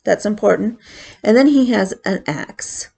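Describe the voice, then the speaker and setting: A woman hosting a casual cross-stitch vlog, rambling through a story at an unhurried pace. Her voice is gravelly and husky, sitting a little high. She fills gaps with "um" as she goes. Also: lively intonation, dark tone. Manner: rambling, chatty storyteller with fillers.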